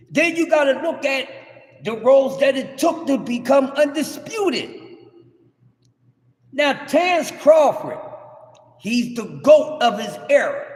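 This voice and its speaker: Brash male streamer, very high voice, shouty trash talk, echoey room. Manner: brash, cursing, trash-talking; loud, rising to shouts. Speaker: livestream host. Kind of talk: heated livestream rant. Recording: echoey room with long reverb.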